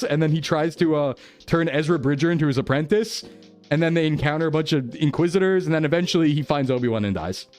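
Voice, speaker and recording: Chatty rambling male streamer, slightly high. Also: darkish tone. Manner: rambling and enthusiastic, with frequent fillers and laughs. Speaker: VTuber streamer. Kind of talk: casual live-stream chat, answering chat messages.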